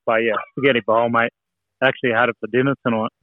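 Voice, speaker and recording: A man's voice: medium pitch, level tone, racing, dry recording. A man from New Zealand co-hosting a casual sports podcast, chatty and blunt. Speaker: podcast co-host. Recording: dry, tinny phone-like line.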